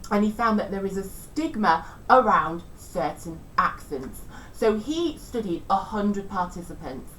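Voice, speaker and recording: Woman teacher, chatty revision lesson, a little far from the mic, faint rumble behind. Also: animated, measured pace, fairly bright tone. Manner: chatty, self-deprecating, tries out regional accents.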